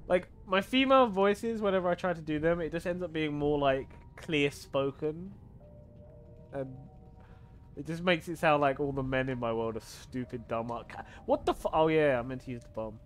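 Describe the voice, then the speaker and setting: A man's voice: fairly high pitch, normal speed, a little hiss or hum. Chatty, swearing male game streamer. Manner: chatty, swears casually, laughs often. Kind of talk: casual gaming stream chat.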